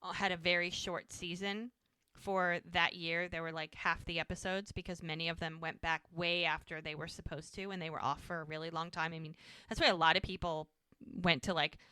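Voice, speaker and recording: A woman's voice: fairly low pitch, flat delivery, fairly quick, bright, forceful tone, clean tone. A woman co-hosting a podcast, recapping an episode in casual chat and acting out the characters' lines as she goes. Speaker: podcast co-host.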